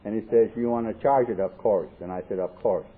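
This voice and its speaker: A man's voice: on the low side, a little fast. A man speaking at a recovery convention, telling his life story with jokes and acting out the dialogue. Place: convention hall. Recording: tinny lo-fi 1979 tape, faint hiss.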